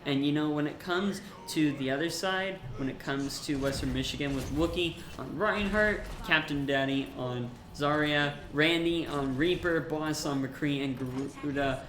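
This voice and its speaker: A young man casting a college esports match, excitable and jokey, rising to shouts in the big plays. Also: a little high, moderate pace, hardly any pauses, echoey room, noisy background. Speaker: esports caster. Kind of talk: play-by-play commentary.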